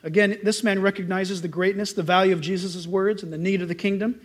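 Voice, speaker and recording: A middle-aged pastor preaching a sermon, telling stories in an animated way and acting out loud greetings. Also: male voice, high-pitched, fairly quick.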